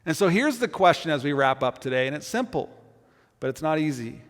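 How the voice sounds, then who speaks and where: Preaching in a large hall whose long reverb rings out, this pastor has a bright, high voice with big pitch swings and talks a little fast. He's earnest, circling back over words as he works toward his point.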